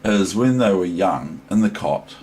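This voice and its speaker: A man's voice: deep voice, expressive, a little slow, darkish tone, slight background noise. A man from New Zealand with a New Zealand accent, giving a casual chess lesson in a rambling, digressive way, thinking aloud. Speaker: chess teacher.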